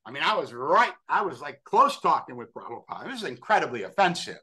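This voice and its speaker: Bright-voiced older man. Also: a little high, fast talker, husky. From New York, USA. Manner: animated, acts out quoted voices, self-deprecating. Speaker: podcast guest. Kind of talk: storytelling anecdote.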